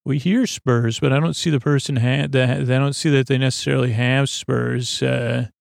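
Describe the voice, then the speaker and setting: A man rambling through a deadpan comedic recap of a TV episode, halting often with fillers and restarts. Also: mid-range voice, creaky, no echo, clean studio sound. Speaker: podcast host recapping an episode.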